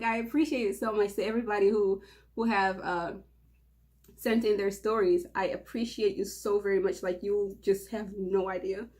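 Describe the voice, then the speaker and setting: A woman's voice: medium pitch, a little mellow. A young woman from Mauritania hosting her own channel, talking in a nervous, giggly, rambling way with frequent restarts. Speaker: channel host. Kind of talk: casual nervous vlog intro.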